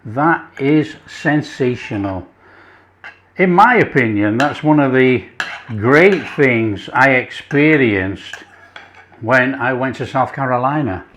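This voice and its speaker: A mid-range, expressive voice belongs to an English cooking-channel host who tastes his food slowly, chuckling with enthusiasm and savoring each bite. The tone is fairly bright, and slight background noise runs under this casual vlog.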